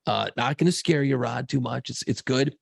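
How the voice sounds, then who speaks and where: Gravelly raspy dude co-hosting a podcast, laid-back, swears a lot, laughs a lot. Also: male voice, medium pitch, normal speed, dry recording, clean studio sound. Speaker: podcast co-host. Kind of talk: casual chat.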